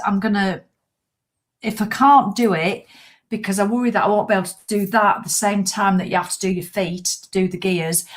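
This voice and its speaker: Woman, middle-aged, fitness vlogger; chatty, blunt, animated telling, mid pitch. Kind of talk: casual chat to viewers.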